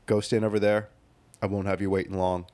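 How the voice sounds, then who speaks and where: Brief: man putting on a low, murmuring, kind rental desk guy, hushed and confiding. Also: flat delivery, brisk, no echo, natural voice. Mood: hushed, kindly. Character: mellow soft-spoken male rental clerk, kind.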